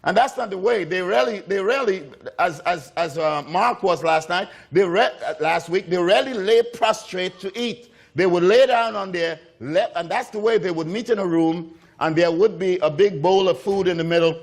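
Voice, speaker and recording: High-voiced male preacher telling a story. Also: normal speed, vocal fry. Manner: storytelling preacher, repeats phrases, acts out voices of figures. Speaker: pastor. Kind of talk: sermon.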